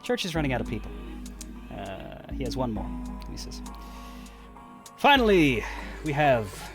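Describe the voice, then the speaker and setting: A man's voice: medium pitch, sing-song, normal speed. A man narrating a tabletop game as game master, rambling and restarting his sentences, with music playing behind him. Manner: rambling, many restarts and fillers.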